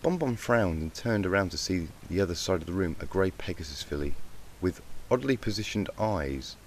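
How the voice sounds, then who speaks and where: A man narrating a fan-written storybook in a steady, even reading voice. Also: sits low, normal speed, slight background noise. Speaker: fanfic reader.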